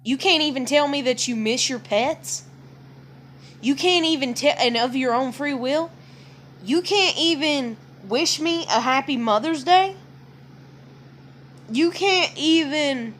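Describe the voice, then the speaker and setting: Blunt, profane woman venting, high voice. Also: a bit bright, a little hiss or hum. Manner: blunt, profane, heated, quotes others in dialogue. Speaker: parent venting about relationships. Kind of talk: casual vlog rant.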